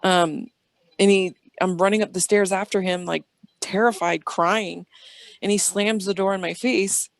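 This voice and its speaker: A woman's voice: mid-range voice, fairly even intonation, a little slow, dry recording. A woman guest on an interview show, telling rambling personal stories in a chatty way and acting out the dialogue. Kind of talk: casual storytelling interview.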